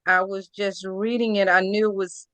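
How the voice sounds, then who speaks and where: A woman's voice: mid-range voice, level tone, normal speed, a bit bright, dry recording. A woman student in a Spanish class, reading aloud and answering hesitantly. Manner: hesitant, thinking aloud with fillers.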